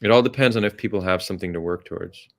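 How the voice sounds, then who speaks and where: A podcast host speaks in a low-pitched voice at a racing pace. His casual conversation is thoughtful and hesitant, with many restarts.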